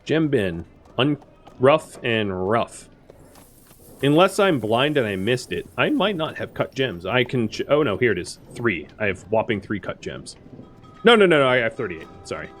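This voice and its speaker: A man in the middle of casual gameplay commentary, his voice swinging widely in pitch as he chats to the little characters on his screen. He jumps from surprised outbursts to low muttered asides, all at an easy middle pitch. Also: sing-song, moderate pace, fairly bright tone, faint music behind. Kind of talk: casual let's-play commentary.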